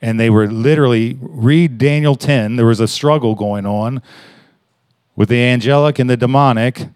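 A man preaching in a conversational way, telling a story with halting restarts and rising emphasis. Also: medium pitch, a little mellow, no room sound, clean studio sound. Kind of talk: conversational sermon.

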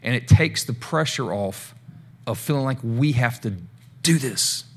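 A man's voice: mid-range voice, animated, unhurried. A male pastor giving a casual, conversational sermon, talking straight to the congregation with chatty asides.

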